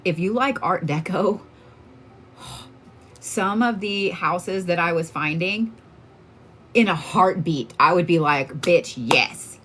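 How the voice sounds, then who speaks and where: A woman with a lowish voice chats on a livestream as a tarot card reader. She is from Oklahoma and talks in a candid, loose, profane way. Her speech is full of fillers and asides. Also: slow, long pauses, fairly bright tone, slight background noise. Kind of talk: casual livestream chat.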